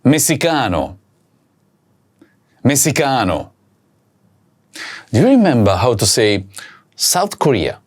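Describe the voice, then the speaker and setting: This recorded language lesson features a man with a mid-range, sing-song, somewhat rough voice who pronounces each word slowly and repeats it so learners can practise.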